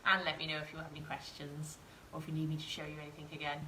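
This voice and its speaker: A woman with a low, monotone voice talks very fast with few pauses, against some background noise. She's a craft tutor running a chatty live sewing demonstration, encouraging her viewers and answering them in chat. The recording has a roomy echo and faint ambience.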